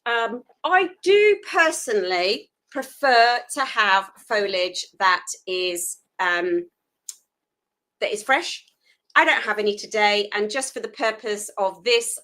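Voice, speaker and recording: A woman's voice: mid-range voice, a bit bright, poor audio. A woman hosting a live food photography tutorial, chatty and self-deprecating while she works hands-on.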